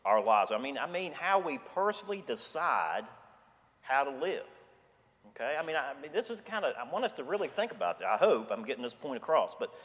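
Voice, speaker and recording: A man preaching a sermon in a relaxed, conversational way, often checking in with "okay?". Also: mid-range voice. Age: 60s. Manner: conversational, repeats "okay?" and "I mean". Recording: long hall reverb.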